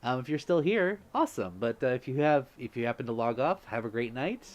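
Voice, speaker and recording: A man's voice: mid-range voice, lively intonation, a little fast, muffled recording. Effusive man hosting a livestream. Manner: effusive, thanks viewers warmly, laughs often. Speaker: livestream host. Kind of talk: casual livestream chat.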